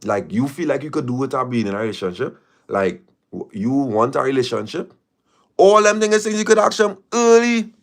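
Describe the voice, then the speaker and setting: Male host, middle pitch, casual and emphatic, heavy on repetition and rhetorical questions. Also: animated, normal speed. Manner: emphatic, repeats phrases and fires rhetorical questions. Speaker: live-stream host. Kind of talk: casual live-stream talk.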